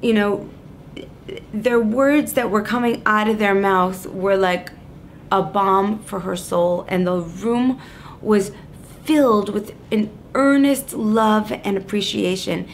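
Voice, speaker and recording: Expressive woman telling a personal story. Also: mid-range voice, takes it slowly, slight background noise. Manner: expressive storyteller, shifting between lively and hushed. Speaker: Jewish educator and coach.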